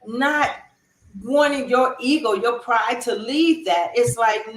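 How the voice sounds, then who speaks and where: A woman guest on an interview show, telling a story in an animated way and acting out other people's lines. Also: a little high, slow pace, slight background noise. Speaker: guest counselor. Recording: roomy echo.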